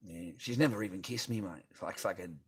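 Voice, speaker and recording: A middle-aged Australian man with a fairly low voice, chatting on a livestream. He rambles in a bitter, profane way and swears in nearly every sentence. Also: fairly quick, slightly rough. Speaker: livestreamer reading chat. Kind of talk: casual rambling livestream chat.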